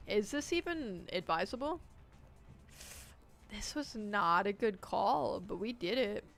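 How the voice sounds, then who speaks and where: Girl streamer, slow talker, bright gravelly voice, yells at the game, faint music behind. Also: medium pitch, animated. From United States. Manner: jokey, reacts loudly with sudden shouts. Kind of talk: live gameplay commentary.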